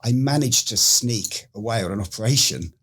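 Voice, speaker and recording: Medium-pitched and slightly breathy, this middle-aged British ex-special forces medic from the United Kingdom talks at normal speed. His casual interview story is animated, with him acting out what others said.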